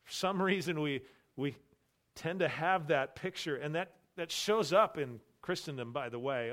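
A man's voice: mid-range voice, a little slow, a bit bright. A male pastor preaching an expository sermon, emphatic and repeating his key phrases. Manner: emphatic, repeats key phrases, voices imagined boastful believers.

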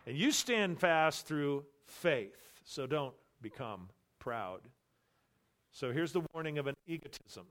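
Man, pastor, sermon, emphatic, repeats key lines, fairly high voice. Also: a bit bright. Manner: emphatic, repeats key phrases, voices imagined boastful believers. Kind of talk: expository sermon.

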